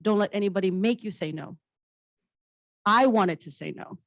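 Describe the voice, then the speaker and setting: Speaking at a normal speed in a mid-range voice, a woman comedian and actress shares blunt, funny anecdotes on a panel and swears offhandedly. The recording is rough, though without echo.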